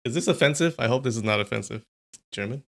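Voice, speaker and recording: A man's voice: mid-range voice, animated, quick pace, vocal fry. Chatty man hosting a live stream. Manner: chatty, amused, talks to chat. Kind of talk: casual live-stream chat.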